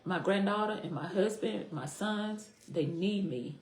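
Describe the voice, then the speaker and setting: A woman's voice: medium pitch, unhurried, darkish tone. A middle-aged woman, a podcast guest, telling her personal story in an earnest, heartfelt way, often repeating herself. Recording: echoey room.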